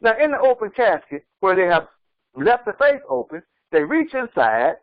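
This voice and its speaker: A man's voice: sits high, very animated, moderate pace, no room sound, muffled recording. A man preaching as an imam, emphatic and repetitive, often restarting his words mid-sentence. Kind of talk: sermon.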